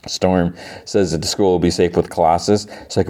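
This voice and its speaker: A man's voice: deep voice, fairly even intonation, moderate pace, warm tone. A man hosting a podcast, casually recapping a TV episode in a chatty, filler-heavy way. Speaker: podcast host.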